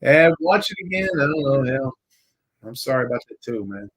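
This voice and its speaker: Husky-voiced man rambling on a podcast. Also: medium pitch, lively intonation, moderate pace, low-quality recording. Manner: rambling, jokey, swears casually. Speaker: podcast host. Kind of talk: casual live-stream chat.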